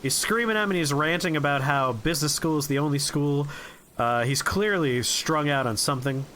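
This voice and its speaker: A man streaming a game, rambling through profane, relaxed anecdotes as he plays. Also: a little high, brisk, a little hiss or hum. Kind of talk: casual gameplay commentary and storytelling.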